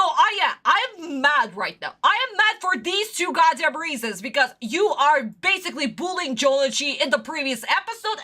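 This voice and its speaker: A woman's voice: high-pitched, pushed and bright. A woman from Russia, ranting in exasperation and swearing while reacting to an anime on a livestream.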